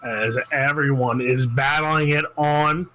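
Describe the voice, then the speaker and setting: A man's voice: medium pitch, steady tone, slow, sharp tone, slight background noise, low-quality recording. A man calling a sim racing broadcast with joking, teasing banter between calls. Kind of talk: play-by-play commentary.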